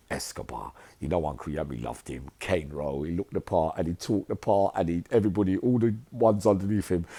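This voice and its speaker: A man's voice: extremely low pitch, dark tone, breathy edge. A middle-aged man, telling prison stories in a streetwise, rambling monologue. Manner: streetwise, rambling, asks "right?". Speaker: vlogger recounting prison life. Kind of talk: storytelling monologue.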